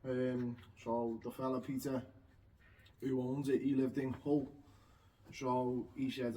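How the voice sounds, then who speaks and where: A man's voice: mid-range voice, flat delivery, slow pace, long pauses, warm tone. A man chatting casually, rambling through anecdotes about getting a boat. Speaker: co-host. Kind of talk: casual chat. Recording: distant mic with faint noise.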